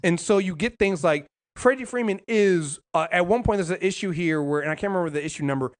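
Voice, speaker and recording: A man with a slightly high voice talks through a casual podcast chat. He rambles and restarts his sentences often, and he swears freely as he goes. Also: fast. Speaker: podcast co-host.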